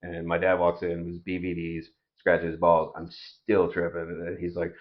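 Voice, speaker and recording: A man's voice: low voice, monotone, normal speed, hardly any pauses. A man, a podcast guest, telling rambling, profane stories in a laid-back casual way. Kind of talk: casual storytelling. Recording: dull lo-fi sound.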